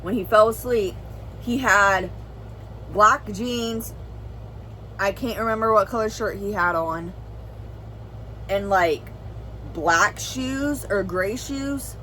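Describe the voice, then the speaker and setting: Young woman, mid-pitched, family vlogger, earnest personal storytelling, rambling delivery. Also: slow pace, pauses often, sharp tone, slight background noise, low-quality recording. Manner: rambling, full of "like" and "well"; earnest, serious.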